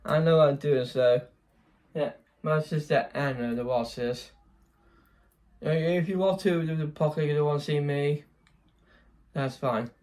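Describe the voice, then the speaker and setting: Slow, rambling young man vlogging. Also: on the high side, darkish tone. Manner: rambling, self-correcting, laughs often. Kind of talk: casual vlog chat.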